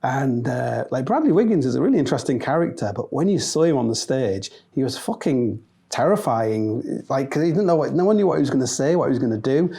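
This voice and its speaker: A Northern English man telling a rambling, funny anecdote with plenty of swearing and quick impressions of the people in it. His voice is mellow and relaxed in tone and sits at an ordinary middle pitch for a man. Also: creaky, slightly rough. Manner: animated, swearing, mimics voices in quotes. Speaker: storyteller. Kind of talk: comic anecdote monologue.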